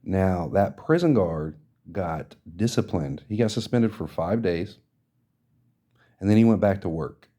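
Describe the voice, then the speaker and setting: A man's voice: deep voice, expressive, unhurried, warm tone. A man hosting a podcast, delivering an indignant, profane rant of social commentary. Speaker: podcast host.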